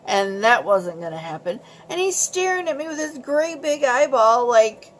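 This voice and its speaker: A woman with a fairly high voice and a lot of gravelly fry telling a story in a chatty, exasperated way. Her casual vlog storytelling stays animated throughout, with a faint background hiss. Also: moderate pace. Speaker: vlogger telling a travel story.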